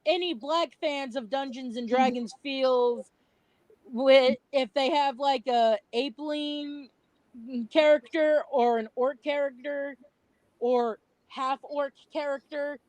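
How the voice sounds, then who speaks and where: A woman's voice: high voice, slow pace, a little mellow, no room sound, poor audio. A woman co-hosting a livestream, blunt and indignant, mocking what others say. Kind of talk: casual ranting chat.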